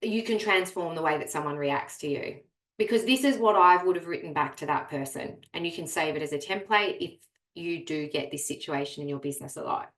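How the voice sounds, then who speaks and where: A woman's voice: low-pitched, a little fast, a bit bright, roomy sound. A woman coaching real estate agents in a webinar, speaking energetically and emphatically straight to her audience. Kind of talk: webinar presentation.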